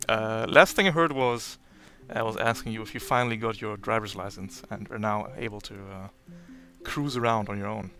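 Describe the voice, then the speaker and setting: Male GM voice, low-ish and bright, laid-back rules explainer. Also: soft background music. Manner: relaxed, explaining rules with filler pauses. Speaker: game master. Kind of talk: running an online tabletop game.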